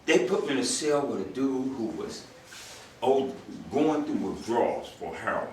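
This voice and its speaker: Older male speaker, lively storyteller who acts out voices, recorded from afar in a roomy hall. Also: medium pitch, normal speed, distant mic, a little hiss or hum. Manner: animated storyteller, acts out voices, laughs with the crowd. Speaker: retired U.S. marshal, speaker. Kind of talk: storytelling speech to an audience.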